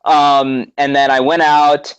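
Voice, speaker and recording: A man excitedly recounting a story in casual chat, with many fillers and restarts. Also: on the high side, slow, clear, resonant tone, dull audio. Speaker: guest co-host.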